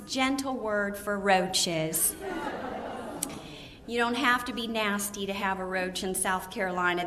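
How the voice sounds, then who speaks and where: A woman giving an animated storytelling talk to a women's gathering, laughing often and acting out the people in her story. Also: mid-range voice, noisy background. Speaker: women's ministry speaker. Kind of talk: storytelling sermon to a live audience.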